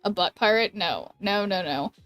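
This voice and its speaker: A woman's voice: medium pitch, animated, normal speed, a bit bright, no room sound. An American woman streaming a game, chatting casually and giggling, trailing off with ums. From United States. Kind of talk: casual chat while gaming. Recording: dry close mic with faint background music.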